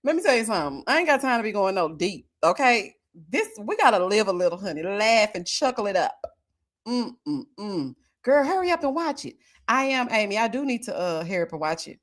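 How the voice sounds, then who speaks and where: A woman hosting a casual live stream, chatting with viewers and reading their comments, often breaking into laughter and drawn-out murmurs of agreement. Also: mid-range voice, very animated. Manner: chatty, talks straight to viewers.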